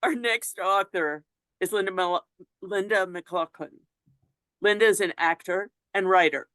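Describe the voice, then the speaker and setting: Host, slow and bright, crisp delivery, dry sound. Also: mid-range voice, no echo. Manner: clear, measured introductions. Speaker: host introducing authors. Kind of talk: event introduction.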